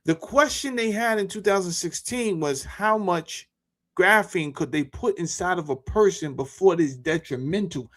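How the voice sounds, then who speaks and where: A man talking casually to his viewers as a YouTuber, animated and full of rhetorical questions and slang. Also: sits high, normal speed. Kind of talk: casual monologue to camera.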